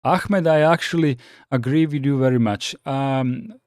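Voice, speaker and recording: A man's voice: mid-range voice, a little slow, darkish tone, no room sound, clean studio sound. A man from the Balkans hosting a casual live chat, reading viewer comments and answering with many restarts and fillers. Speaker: livestream host reading chat.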